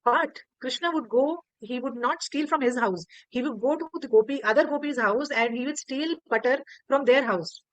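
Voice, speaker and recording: Indian woman storyteller, animated, repeats herself, fairly high voice, dry call audio. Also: moderate pace, hardly any pauses, dry recording, muffled recording. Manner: animated, repeats words while telling. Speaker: devotional storyteller. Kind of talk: online class storytelling. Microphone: video call.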